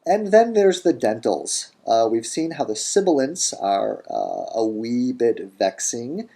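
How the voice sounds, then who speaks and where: In a recorded grammar lecture, a man teaching language says each word form slowly and deliberately, then repeats it. He has a warm, mid-range voice with big pitch swings and some vocal fry.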